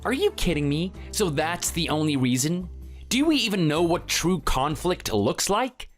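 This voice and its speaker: An indignant family man, voiced by a man in a texting story. His fairly high voice swings widely as he confronts a bully. Faint music plays underneath. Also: very animated, moderate pace. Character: Italian-born family man standing up to a bully. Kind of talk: text-to-speech texting story.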